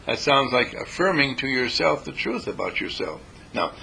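Creaky, husky and pushed bright, a medium-pitched man speaks at normal speed with great animation, giving a folksy, repetitive meditation lesson and lapsing into panicked voices for effect. He is a dean and spiritual teacher from California, and the audio is poor with faint noise.

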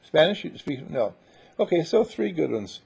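A man's voice: on the high side, sing-song, normal speed, gravelly, a little mellow, slightly rough. A man leading a casual group conversation, rambling and playful, with many fillers and restarts. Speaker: seminar leader. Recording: dull lo-fi recording.

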